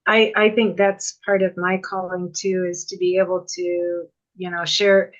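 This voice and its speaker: A woman's voice: fairly low pitch, level tone, measured pace, highs cut off. A middle-aged woman hosting a podcast, speaking reflectively and openly in casual conversation. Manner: reflective and open, with light laughter. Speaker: podcast host.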